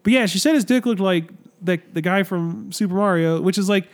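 A young man with a high voice who talks very fast, co-hosting a casual podcast. He jokes crudely at his own expense and fires off quick quips. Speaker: podcast co-host.

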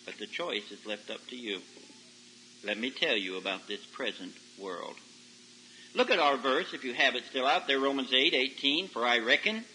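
A man preaching a folksy sermon to young people, telling stories and rising to loud emphatic peaks. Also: mid-range voice, moderate pace, slight background noise, poor audio. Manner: folksy, animated storytelling with sudden loud rises. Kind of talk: sermon to a youth service. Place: camp meeting service. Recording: old 1990s radio broadcast recording.

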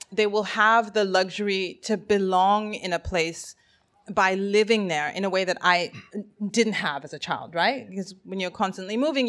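A woman in a casual conversation, talking in an animated way with many fillers and restarts. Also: medium pitch. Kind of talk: casual chat.

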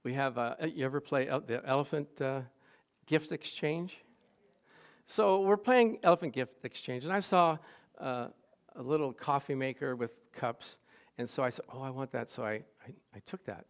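A man's voice: medium pitch, expressive, moderate pace. A male pastor giving a sermon with humorous, self-deprecating stories.

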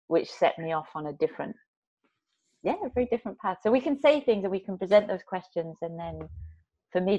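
A woman telling a personal story in casual conversation, rambling with many restarts and fillers and acting out voices. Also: on the low side. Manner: animated, acts out quoted voices. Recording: slightly muffled recording.

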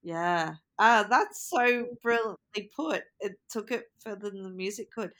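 A woman's voice: mid-range voice, measured pace, a bit bright. A woman hosting an interview, friendly and laughing often, with hesitant fillers. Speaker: interviewer host. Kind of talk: interview conversation.

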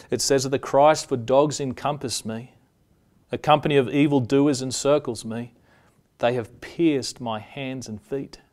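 A man preaching a sermon, reading scripture passages aloud in a measured way and slowing down on the solemn lines. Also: mid-range voice, darkish tone.

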